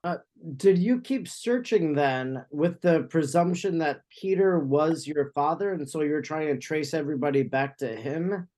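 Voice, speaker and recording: Higher-pitched man asking long questions. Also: unhurried, few pauses, darkish tone. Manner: long, winding questions with restarts. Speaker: interviewer. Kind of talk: conversational podcast interview.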